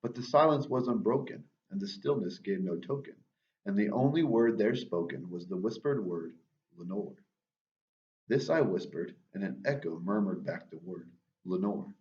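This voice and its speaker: A teacher reading a gothic poem aloud to his class, slow and deliberate, trailing off quietly at line ends. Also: on the low side, lively intonation, natural voice. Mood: somber. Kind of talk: dramatic poetry reading. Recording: distant, dull lo-fi mic.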